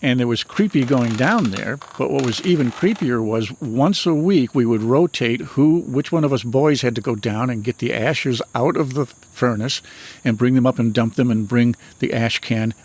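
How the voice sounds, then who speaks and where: A man in his sixties from Michigan speaks at an ordinary middle pitch. He tells his own experiences as a retired minister in a calm, unhurried, matter-of-fact manner, earnest throughout. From Michigan, USA. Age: 60s. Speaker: retired minister and paranormal author. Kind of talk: personal storytelling in an interview.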